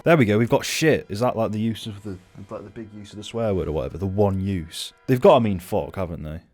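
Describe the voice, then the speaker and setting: A man's voice: on the low side, fast, a little mellow, soft background music. Sweary, offhand man. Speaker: film reviewer. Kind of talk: casual reaction commentary.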